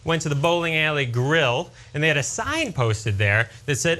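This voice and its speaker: A man's voice: fairly high pitch, sing-song, normal speed, few pauses, pushed and bright. A man in his forties doing a stand-up comedy routine with punchy joke delivery.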